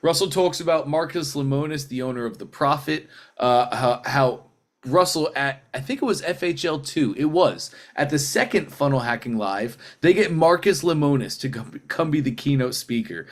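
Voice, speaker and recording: A man coaching a group in a casual teaching talk, telling stories in a lively, rambling way and acting out what people said. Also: on the high side, moderate pace. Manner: animated storyteller who acts out quotes; loose and rambling, with restarts. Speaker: sales training coach.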